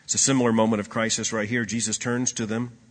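A man preaching a sermon, swinging between loud emphatic lines and hushed low asides, with a husky voice. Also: little pitch movement, fast talker. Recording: long hall reverb.

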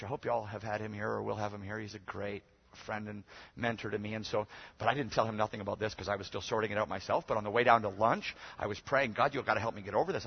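A man preaching a sermon as pastor, moving between loud, emphatic exhortation and quiet, conversational storytelling. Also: medium pitch, creaky, slightly rough. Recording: dull lo-fi sermon recording.

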